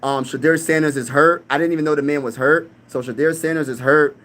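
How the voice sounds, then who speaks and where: Man, young adult, from pennsylvania, live-stream sports host, hyped, trash-talking, fairly high pitch. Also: steady tone, fairly quick, fairly bright tone. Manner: hyped, trash-talking, reads chat aloud.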